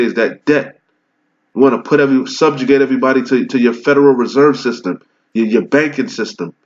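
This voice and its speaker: A man in the middle pitch range delivers fiery scripture teaching, firing off rhetorical questions and answering them himself. He slows down to read the verses deliberately. The recording sounds dull and lo-fi. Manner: reads old scripture slowly and deliberately. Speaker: preacher.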